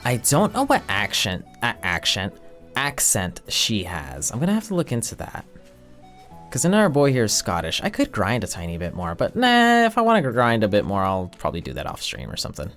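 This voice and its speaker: A man's voice: on the low side, huge pitch swings, fairly quick, a bit bright, faint music behind. A man casually commenting on his game as he plays, goofy and self-mocking. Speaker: streamer playing a game. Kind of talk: casual let's-play commentary.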